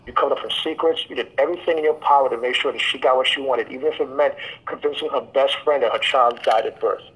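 A man's voice: mid-range voice, quick pace, a bit bright, slightly rough, rough recording. A man voicing a vengeful young man who bitterly accuses his mother.

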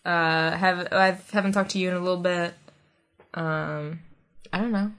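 A woman's voice: on the low side, fairly even intonation, a little slow, fairly bright tone. A woman hosting a podcast in casual chat, talking in a loose, rambling, friendly way. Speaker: podcast host.

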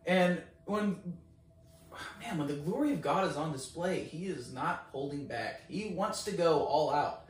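A man recounts a story in casual chat, playing out both sides of the exchange himself. His voice sits a little high, and his excitement climbs as he goes. He is recorded from a distance in a very echoey room. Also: measured pace. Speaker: guest.

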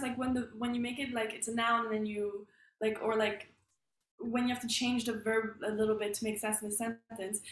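A woman's voice: fairly high pitch, fairly bright tone. A young woman from France, a university student, chatting casually and agreeing eagerly. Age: young adult. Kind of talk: casual chat. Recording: echoey room with faint noise.

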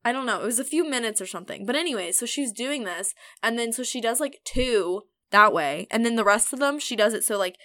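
A woman's voice: a little high, expressive, quick pace, few pauses, a bit bright. Chatty young woman with faint Southern lilt. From Kentucky and Louisiana, US South. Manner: chatty, laughs often, many "like" fillers. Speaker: podcast co-host. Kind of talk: casual chat.

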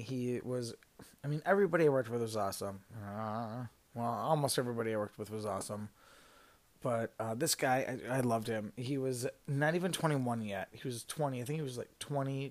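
A podcast host in their thirties telling a work story in a rambling, casual way, with lots of fillers, self-corrections and swearing. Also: medium pitch. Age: 30s.

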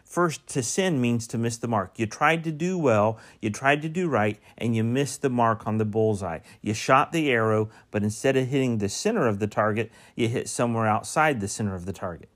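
Man preaching a sermon on scripture. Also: medium pitch. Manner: reads scripture slowly, then preaches with rising emphasis and questions.

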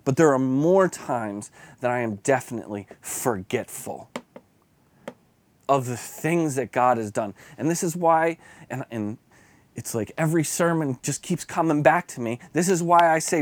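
A man's voice: mid-range voice, measured pace, dry recording. A man preaching an earnest, confessional devotional sermon that builds to fervent emphasis.

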